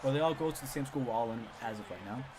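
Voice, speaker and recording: A young man telling a story from his school days in a casual, animated way, growing loud and excited as he rants. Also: mid-range voice, rapid-fire, noisy background. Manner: animated, gets loud and excited when ranting. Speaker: storytime streamer.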